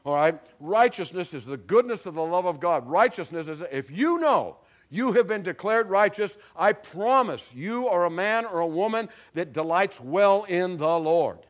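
A male pastor preaching a sermon, telling stories animatedly and dropping very soft at dramatic moments. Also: high voice, moderate pace, few pauses. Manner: animated storyteller, acts out voices, drops very soft for dramatic moments. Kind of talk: sermon with storytelling.

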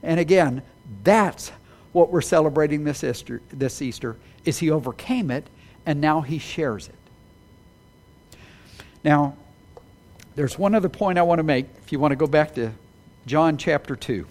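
Male preacher, high voice, lively and emphatic from the pulpit. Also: moderate pace, pauses often. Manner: animated, rising to emphatic peaks, apologetic asides. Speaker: pastor. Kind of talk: sermon.

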